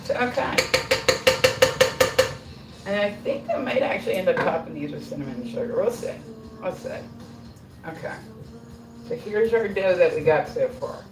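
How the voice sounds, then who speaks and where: A middle-aged woman chats away on a home livestream, self-deprecating and loose with her swearing. Her voice sits on the low side and comes from a little way off the mic. Her kitchen sounds roomy, with music playing underneath. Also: big pitch swings, moderate pace, long pauses. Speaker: livestream host. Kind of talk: casual livestream chat while baking. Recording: roomy echo, mic at a distance.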